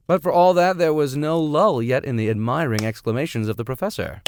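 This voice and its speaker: A man's voice: medium pitch, fairly quick, hardly any pauses, darkish tone, no echo. A man reading a classic novel aloud, breaking in with joking casual asides. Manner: joking modern asides between passages. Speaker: audiobook reader.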